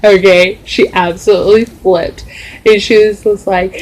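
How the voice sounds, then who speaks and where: A woman's voice: mid-range voice, steady tone, moderate pace, darkish tone, breathy edge, rough recording. A young adult woman telling a story in a casual, rambling vlog style, full of fillers. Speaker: vlogger.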